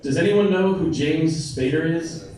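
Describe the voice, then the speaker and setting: Performing at a bar comedy night, an American comic banters with the audience and teases them, speaking a little slowly in a slightly high, mellow voice. The recording is distant and echoey, with crowd laughter and a little hiss or hum.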